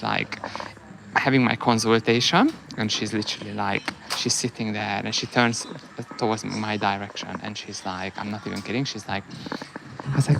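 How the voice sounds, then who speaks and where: A man's voice: lowish voice, gravelly. A man in his thirties, a hairdresser, chatting in a bubbly, rambling way and laughing often. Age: 30s. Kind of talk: casual chat. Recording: noisy background.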